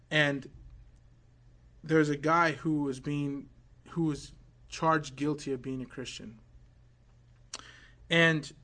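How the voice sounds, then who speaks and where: Preaching a sermon, a man tells a story with drama, sinking into hushed quoted words and climbing to loud build-ups. His pitch is fairly high.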